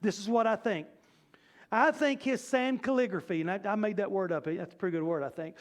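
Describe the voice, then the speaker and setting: A male pastor preaching a sermon in a church, animated and conversational with playful asides. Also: sits high, a little fast. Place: church sanctuary.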